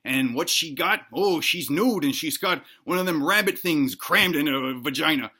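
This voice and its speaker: A man telling a crude improvised comedic story in a rambling, deadpan way. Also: on the high side, normal speed, husky.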